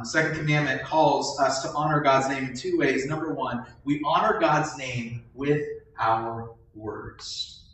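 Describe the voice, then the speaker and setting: Pastor, male, slightly high voice, preaching with call-and-response questions. Heard from a distance in a very echoey church. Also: fairly bright tone. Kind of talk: sermon. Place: church sanctuary during a service.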